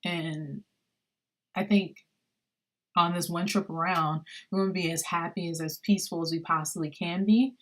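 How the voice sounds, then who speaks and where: A woman's voice: fairly low pitch, normal speed. A woman hosting a podcast, talking casually on her own, with lots of fillers as she retells conversations. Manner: conversational, many fillers, animated retelling of dialogue. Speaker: podcast host. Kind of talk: casual solo podcast monologue.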